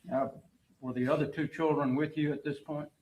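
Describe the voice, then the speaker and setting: A man's voice: on the high side, little pitch movement, moderate pace, a little mellow, low-quality recording. Male lawyer, formal courtroom questions, faint hiss behind. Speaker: attorney.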